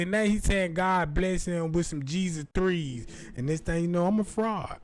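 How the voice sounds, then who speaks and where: A man's voice: sits high, expressive, moderate pace, few pauses, dry recording, rough recording. A man rambling through a profane comic monologue, slipping in and out of put-on voices. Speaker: comedian.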